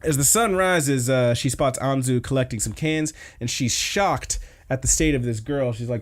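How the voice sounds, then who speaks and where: A man's voice: medium pitch, moderate pace, few pauses. A man hosting a podcast, casually recapping anime episodes in a rambling way with lots of fillers. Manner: rambling, filler-heavy retelling. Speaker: podcast host.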